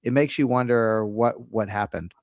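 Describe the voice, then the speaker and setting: A man's voice: fairly low pitch, normal speed, vocal fry, dry recording, clean studio sound. A man hosting a casual discussion, thinking aloud with frequent restarts and acting out scenarios. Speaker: host.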